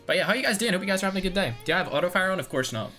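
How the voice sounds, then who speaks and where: A young man with a Northern Irish accent streaming a game live, reacting loudly and greeting chat in casual slang. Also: high-pitched, rapid-fire, over music. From Northern Ireland. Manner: excitable, slangy, swings between loud outbursts and muttering. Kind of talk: live gameplay commentary with chat shout-outs.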